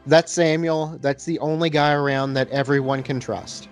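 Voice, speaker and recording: Guy w a slightly higher voice picking apart a movie, lots of "like", casual podcast chat. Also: steady tone, moderate pace, faint music behind. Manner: chatty, critical, filler-heavy. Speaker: podcast co-host.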